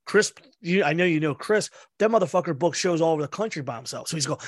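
A man with a fairly high voice tells a rowdy road story in casual podcast talk. He swears often and jumps into the voices of the people he quotes. The sound is close and dry. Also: quick pace, dry recording. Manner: animated storyteller, swears a lot, acts out quotes. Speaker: podcast host. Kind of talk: casual conversation.

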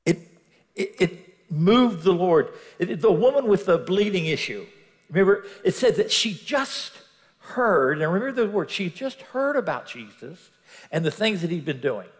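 Animated male preacher in a hall. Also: high voice, normal speed. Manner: animated, acts out Bible scenes with voices, swings between loud and hushed. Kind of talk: sermon. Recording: reverberant hall.

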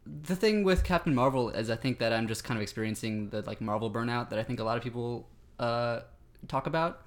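Quick, rambling young man. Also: medium pitch. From Boston. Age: young adult. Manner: rambling, hesitant, quick-talking. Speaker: podcast guest. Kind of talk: casual chat.

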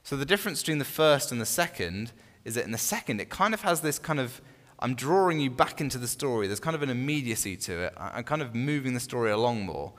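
A man teaching a small Bible study group in a relaxed, conversational way, often restarting phrases and putting questions to his listeners. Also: mid-range voice, fast talker, hardly any pauses. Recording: long reverb in a room.

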